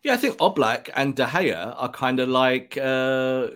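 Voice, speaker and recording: Male football pod co-host, mid-pitched, animated, drops into quick put-on voices for imagined remarks. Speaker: podcast co-host. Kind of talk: casual football podcast chat. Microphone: podcast microphone.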